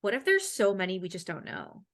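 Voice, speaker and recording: A Canadian-accented woman hosts a relaxed podcast conversation. She talks in a lively, animated way and drops casual swear words as she tells stories. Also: mid-range voice, brisk. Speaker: podcast host.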